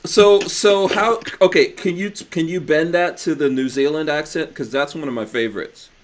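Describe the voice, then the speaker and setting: A man's voice: a little high, moderate pace, a little hiss or hum. A man hosting a podcast in casual chat, joking and teasing his guest and laughing often. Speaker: podcast host.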